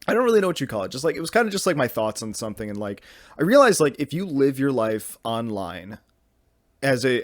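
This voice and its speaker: A man's voice: medium pitch, dry recording, clean studio sound. A young man hosting a podcast from his bedroom, rambling casually with lots of fillers and restarts. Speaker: podcast host.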